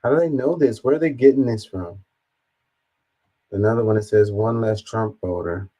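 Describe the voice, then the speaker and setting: A man's voice: lowish voice, normal speed, mellow, poor audio. A man casually reacting to a news story, reading viewer comments aloud and swearing bluntly.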